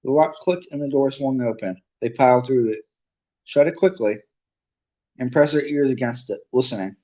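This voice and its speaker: A man's voice: medium pitch, moderate pace, warm tone. A man reading a children's book aloud in a casual, unpolished way with restarts and asides. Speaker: reader. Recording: dull lo-fi recording.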